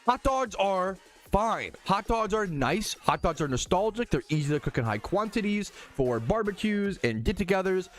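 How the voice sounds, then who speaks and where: A young American man ranting casually and profanely to his stream chat, heated and animated. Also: sits high, moderate pace, soft background music. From United States.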